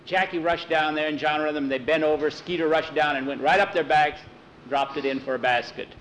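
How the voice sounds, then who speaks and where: A man telling a sports story in a folksy, animated way, with many "he said"s. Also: fairly high pitch, fairly quick, a little hiss or hum, low-quality recording. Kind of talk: told story narration.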